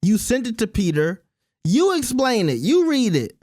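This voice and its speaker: A man's voice: very high-pitched, big pitch swings, normal speed, darkish tone, dry recording, studio quality. A man hosting his own commentary channel, giving blunt, opinionated takes in a casual rant.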